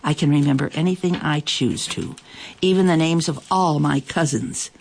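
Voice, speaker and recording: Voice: medium pitch, normal speed, creaky, a little hiss or hum, natural voice. A storyteller voicing a proud, haughty female elephant who speaks crossly. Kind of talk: storybook reading.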